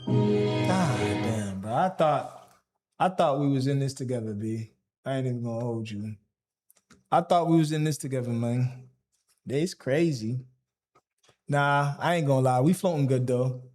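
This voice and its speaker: Hyped, slangy man live-streaming his trades. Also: on the high side. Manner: excitable, slangy, talks straight to his chat. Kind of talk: live trading stream commentary.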